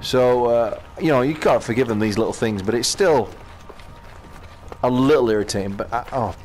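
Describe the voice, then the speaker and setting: A British man casually commenting as he plays a VR game, chatting to himself with quick exclamations. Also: medium pitch, a little mellow, slight background noise. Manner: chatty, talks to himself while playing, exclamations. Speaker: gaming channel host.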